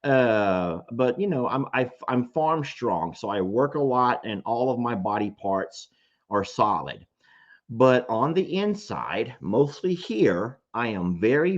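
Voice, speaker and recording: A man's voice: on the low side, muffled recording. A man telling a story to his audience in casual chat, emotional and self-deprecating.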